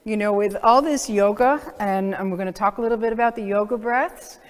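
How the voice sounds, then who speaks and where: A woman's voice: medium pitch, brisk. A middle-aged woman chiropractor giving a seminar talk to practitioners, earnest and conversational, with many "you know" fillers. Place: seminar hall. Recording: long hall reverb.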